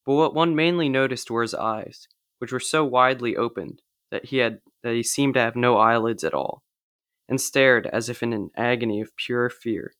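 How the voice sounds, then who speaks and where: A man's voice: medium pitch, normal speed, fairly bright tone, clear, resonant tone, no echo. Man narrating a story in a dry room. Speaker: liturgy reader. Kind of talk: reading aloud a story in a service.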